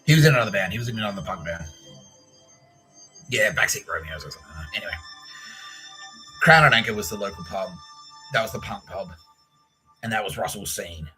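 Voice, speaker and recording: An Australian man hosting a podcast, telling a long rambling story with heavy swearing and quick impressions of the people in it. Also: fairly low pitch, pushed and bright, faint music behind, rough recording. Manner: rambling, profane, mimics people he quotes. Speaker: podcast host. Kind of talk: casual storytelling monologue.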